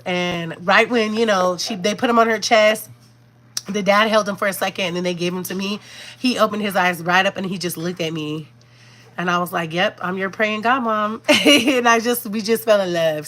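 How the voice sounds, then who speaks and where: A woman, a doula, earnestly telling her viewers a heartfelt birth story and often calling them "y'all". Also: medium pitch. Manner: earnest, repeats "y'all", animated retelling. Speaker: doula and vlogger.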